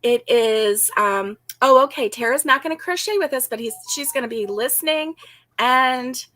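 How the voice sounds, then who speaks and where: A woman's voice: sits high, moderate pace, fairly bright tone, no echo. A woman co-hosting a casual crochet-along, chatty and giggly as she greets viewers by name. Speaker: crochet co-host.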